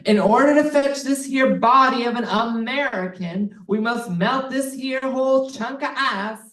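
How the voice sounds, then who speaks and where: A woman voicing an official who defends global warming, in an exaggerated, deliberately poor Texan accent. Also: fairly high pitch, echoey room, recorded from a distance, voice pushed up. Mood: smug.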